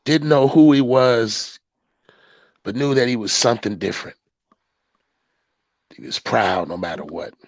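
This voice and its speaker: A podcast guest, a man, tells a personal story in casual conversation, switching between low, mumbled asides and loud, excited quotes. He uses plenty of slang and tags like "right?" and "you know." He's unhurried, with long pauses, and there's no echo.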